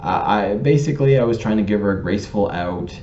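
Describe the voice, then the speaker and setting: Low, mellow man telling a story. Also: brisk, slight background noise. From Canada. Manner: pedantic, digressive, with many ums and restarts. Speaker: vlogger telling a personal story. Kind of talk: casual storytelling to camera. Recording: roomy, slightly dull recording.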